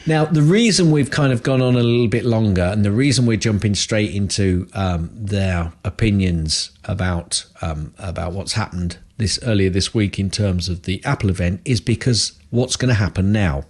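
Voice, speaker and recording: A man's voice: on the low side, moderate pace, few pauses, darkish tone. Grumbling man on a podcast. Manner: blunt, grumbling, repeats himself for emphasis. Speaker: podcast co-host. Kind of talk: casual podcast chat.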